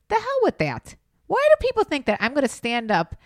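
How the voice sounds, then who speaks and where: Playful, animated woman co-host. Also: fairly high pitch, brisk, dry recording, studio quality. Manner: teasing, playful. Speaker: podcast co-host. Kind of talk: casual chat.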